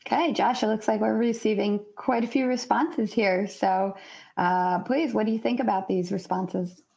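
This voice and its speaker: A woman with a gravelly, mellow voice moderates a business webinar. She speaks politely and in a measured way, and repeats her poll questions to the audience. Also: mid-range voice, steady tone.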